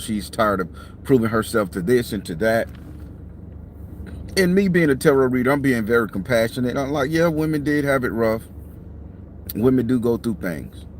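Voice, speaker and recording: A man's voice: fairly low pitch, slight background noise. A middle-aged man, a tarot reader, talks casually and bluntly from a parked car, tired and yawning, with plenty of profanity. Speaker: tarot reader and channel host. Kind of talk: casual talk to camera. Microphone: clip-on mic.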